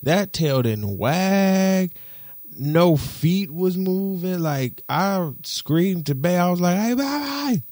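Animated young man telling stories. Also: slow, no echo, clean studio sound. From Detroit. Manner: animated, slangy, swings from loud exclamations to low muttering. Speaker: podcast host. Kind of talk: casual storytelling monologue.

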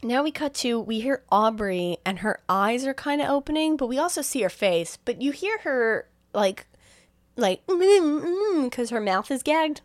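A woman co-hosting a casual chat show, retelling a film with quick voiced quotes, frequent laughs and swearing. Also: fairly high pitch, animated, dry recording. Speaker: podcast co-host recapping a film.

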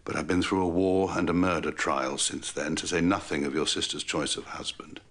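A man's voice: low-pitched, steady tone, a little fast, a bit bright. An actor playing a middle-aged aristocratic father in a period drama, speaking firmly and earnestly.

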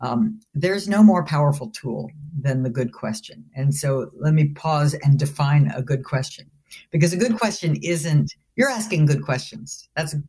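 A woman who is a business school professor of leadership, appearing as a guest, answers interview questions thoughtfully and explanatorily, often restarting phrases and saying "you know." Her voice is deep, expressive and dark-toned, at a moderate pace.

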